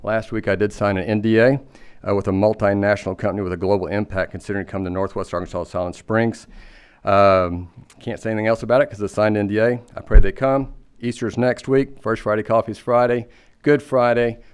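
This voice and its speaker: A man's voice: on the low side, fairly even intonation, clear, resonant tone. A man on a city board giving an upbeat official update at a city meeting. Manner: brisk, upbeat booster of the town. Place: city council chamber.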